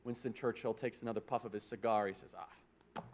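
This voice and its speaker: A man's voice: lowish voice, fairly even intonation, fast, a little mellow. A man giving a speech, telling a dramatic anecdote theatrically and building to a rousing close.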